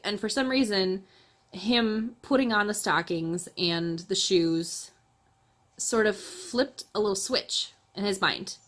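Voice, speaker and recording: A woman's voice: medium pitch, slow, fairly bright tone. A woman hosting her channel, chatting casually about books she read, laughing often and correcting herself as she goes. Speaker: book reviewer, channel host. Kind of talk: casual book review chat.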